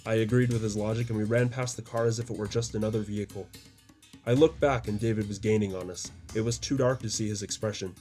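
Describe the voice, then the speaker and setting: A man's voice: fairly low pitch, steady tone, quick pace, mellow, soft background music. A man reading his own story aloud as audiobook narration, with mild voices for the quoted lines.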